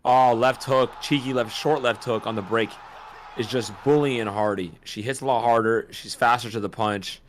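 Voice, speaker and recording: A man calling a boxing match on a casual watch-party stream, excitable and slangy, laughing often. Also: medium pitch, normal speed, slight background noise. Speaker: host doing fight commentary.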